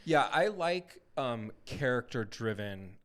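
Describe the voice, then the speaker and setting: A man co-hosting a podcast in casual chat. His pitch moves a lot and sounds animated. He rambles and cuts himself off mid-thought. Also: takes it slowly. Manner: rambling, self-interrupting, animated. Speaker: podcast co-host.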